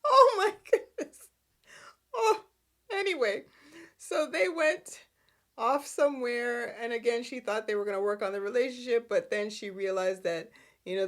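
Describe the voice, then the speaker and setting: Chatty, animated woman recapping a soap opera. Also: fairly high pitch. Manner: animated, laughs a lot, acts out characters' lines.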